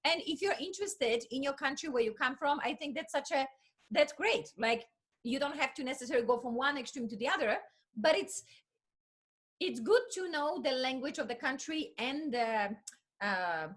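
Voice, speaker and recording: A woman's voice: sits high, expressive, normal speed, a bit bright. A woman from Poland, hosting an enthusiastic casual chat over a video call and often repeating words of agreement. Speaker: host.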